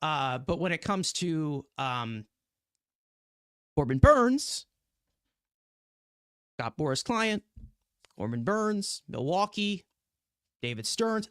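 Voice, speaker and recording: A man with a slightly raised pitch chats casually on a sports podcast. He speculates out loud, stacking hypotheticals and fillers. The sound is dry and close. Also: dry recording. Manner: speculative, thinks aloud with fillers. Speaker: podcast co-host.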